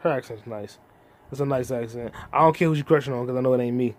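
A man's voice: mid-range voice, fairly even intonation, very fast. A man in his twenties hosting a solo podcast, rambling and free-associating with constant profanity. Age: 20s. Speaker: podcast host. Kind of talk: casual solo podcast chat.

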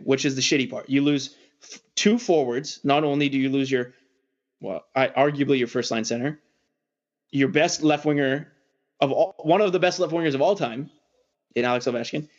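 Male podcast host, slightly higher voice, rambling and jokey, muffled lo-fi sound. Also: moderate pace. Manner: rambling, joking, animated. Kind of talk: casual sports podcast chat.

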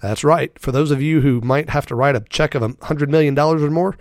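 A man hosting a scripted finance podcast, his voice raspy from a respiratory illness, speaking directly and emphatically to his listeners. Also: a little high, brisk, a little mellow, no room sound, clean studio sound. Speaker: podcast host.

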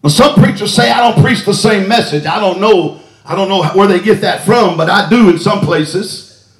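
A man preaching a revival in a church, his voice pitched very high for a man. He shouts with fervor and fills the gaps with "uh" and "hallelujah," and the sanctuary rings with echo around him. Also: normal speed. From Texas. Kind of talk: revival sermon.

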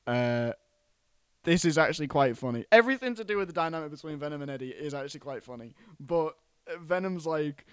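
A man co-hosting a podcast, recapping a film plot in an animated, casual way with plenty of swearing. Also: a little high, fairly quick, clear, resonant tone, no room sound, studio quality. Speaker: podcast co-host.

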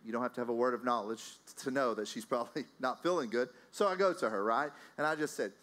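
A man with a Texan accent preaches from the pulpit in an easy, talkative way. His voice sits at an ordinary middle pitch as he tells a personal story, chuckles along the way and checks in with the congregation. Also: fast. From Texas. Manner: animated, conversational, chuckles often, calls out to the congregation. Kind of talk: storytelling sermon.

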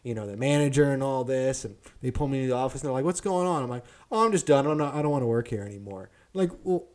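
A young man co-hosting a podcast, telling a story in casual chat, profane and animated, acting out the people he quotes. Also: mid-range voice, fast. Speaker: podcast co-host.

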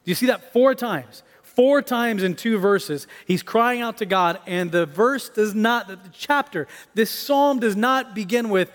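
A man preaching a sermon as pastor, swinging between raised, emphatic lines and soft, hushed ones. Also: high voice, a little slow, hardly any pauses. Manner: expressive preaching, rising for emphasis and dropping to near hush. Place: church sanctuary. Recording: reverberant hall.

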